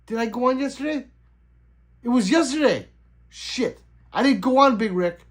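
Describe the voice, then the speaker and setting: A man's voice: very high voice, lively intonation, moderate pace. A middle-aged man hosting a casual livestream, laughing easily and answering his chat as it comes in. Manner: loose, laughing, chatty, reading out chat. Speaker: livestream host.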